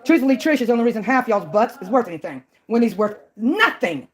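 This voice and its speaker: A woman's voice: fairly high pitch, very animated, fast. A woman from Mississippi, ranting on her own channel in a combative, mocking way. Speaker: channel owner. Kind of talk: ranting call-out vlog.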